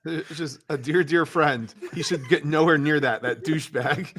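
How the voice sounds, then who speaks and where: A man's voice: a little high, animated, a little slow, a bit bright. A man co-hosting a casual sports podcast, teasing his partner dryly and laughing.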